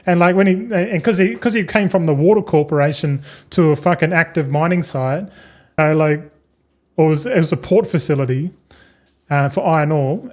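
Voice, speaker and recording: A man streaming a game, chatting in a relaxed, rambling way with plenty of swearing and stories. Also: on the high side. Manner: swears freely, tells anecdotes; laid-back, loose and chatty. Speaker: gaming streamer. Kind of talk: casual rambling stream chat.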